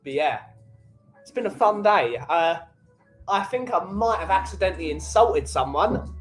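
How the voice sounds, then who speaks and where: A man's voice: high-pitched, animated, normal speed, faint music behind, poor audio. A man who runs a small coffee company, chatting casually on a livestream and greeting viewers in the chat by name. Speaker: coffee shop owner and livestream host.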